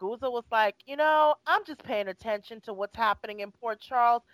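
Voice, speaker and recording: A woman's voice: a little high, fairly quick, a bit bright, dry recording, rough recording. A woman co-hosting a casual chat show, exasperated and sarcastic, acting out what others say. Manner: exasperated, sarcastic, acts out quotes. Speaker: podcast co-host.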